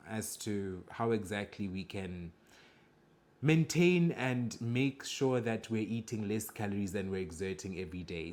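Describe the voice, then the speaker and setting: A man with a fairly low voice reacts to clips with blunt, judgmental remarks. He lectures his viewers in a direct, opinionated way. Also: darkish tone. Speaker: reaction video host. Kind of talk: reaction commentary.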